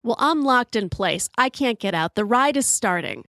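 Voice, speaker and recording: Lively storytelling woman in her fifties. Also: on the high side, moderate pace, no room sound, studio quality. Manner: animated, profane, acts out quotes. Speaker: podcast host. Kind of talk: storytelling monologue.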